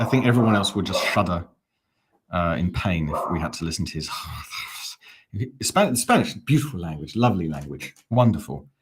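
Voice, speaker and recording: A man's voice: sits low, slightly rough. A man hosting a live fan watch-along, talking in a chatty, rambling, self-mocking way. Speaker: fan channel host.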